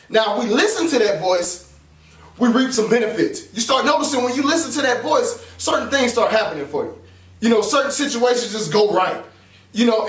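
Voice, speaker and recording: A man's voice: extremely high pitch, recorded from a distance. A man gives an emphatic motivational talk, repeating his points like a preacher. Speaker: motivational speaker. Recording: echoey room, voice off-mic.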